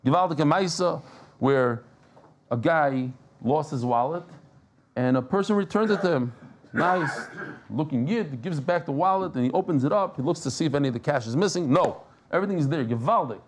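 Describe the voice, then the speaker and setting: A man giving a lively Talmud class, telling stories and joking with the people in the room. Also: fairly high pitch, fairly quick, slight background noise. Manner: animated, joking, mixes Yiddish and Hebrew terms. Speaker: daf yomi teacher. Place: class with live audience.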